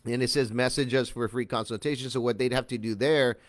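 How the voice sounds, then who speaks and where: A man's voice: medium pitch, fairly even intonation, fast, no echo. Guy doing a casual screen-share marketing tutorial, lots of uhs, dry close sound. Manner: loose and conversational, many fillers, greets viewers by name. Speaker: online marketing instructor.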